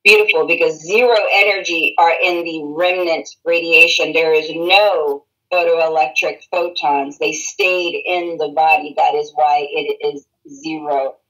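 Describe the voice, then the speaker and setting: A woman's voice: low-pitched, steady tone, unhurried, hardly any pauses, a bit bright, rough recording. A woman teaching a radiology class, repeating key terms and checking in with students. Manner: repeats key words and checks understanding with questions. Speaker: radiology instructor. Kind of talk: classroom lecture.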